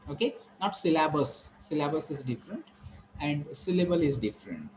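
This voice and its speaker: A man teaches English pronunciation in a slightly raised voice. He lays out each point step by step, repeating himself and slowing down to lean on key words. A faint hum sits behind him. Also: fairly high pitch, rough recording. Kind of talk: classroom lecture on pronunciation.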